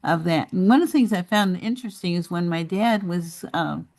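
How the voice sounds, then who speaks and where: A woman's voice: on the low side, moderate pace, a little mellow. Rambling woman on a video call. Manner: rambling storyteller, many fillers. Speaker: group member. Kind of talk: casual chat.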